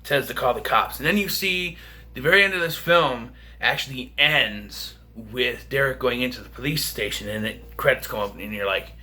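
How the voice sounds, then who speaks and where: A man's voice: medium pitch, moderate pace, bright, forceful tone. A man casually reviewing a film for a vlog, rambling and chatty with lots of fillers and restarts. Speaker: movie reviewer.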